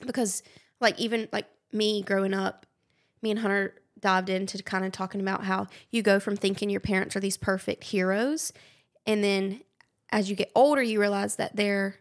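A young woman, hosting a podcast in casual chat, gushing and animated. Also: medium pitch, normal speed. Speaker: podcast host.

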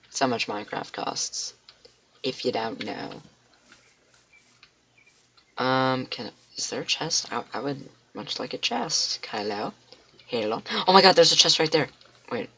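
A man giving excitable let's play commentary, talking to himself with frequent exclamations at a desktop mic. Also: medium pitch, a little slow, gravelly, long pauses, slightly rough. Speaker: gamer.

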